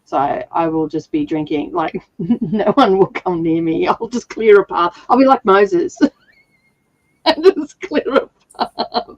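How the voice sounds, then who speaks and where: A woman hosts a livestream reading sprint, chatting casually and laughing often while nursing a sore throat that roughens her voice slightly. Her voice is lowish and unhurried, with no room sound and lo-fi audio.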